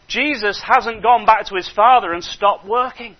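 Man, preacher, sermon, high voice, animated, hushed asides and emphatic exhortation, dull lo-fi sound. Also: moderate pace, hardly any pauses. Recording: dull lo-fi recording.

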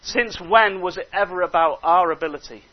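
In a dull, lo-fi recording, a man with a high voice preaches a little fast, his animated delivery dropping to hushed asides before surging into emphatic exhortation.

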